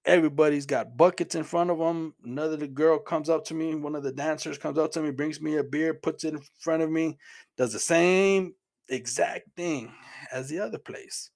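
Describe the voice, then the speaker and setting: A man's voice: on the high side, normal speed, creaky, darkish tone. A middle-aged man from Houston, earnest and plain-spoken, sharing his Christian testimony as a personal story. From Houston, Texas. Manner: earnest, plain-spoken, repeats words as he goes.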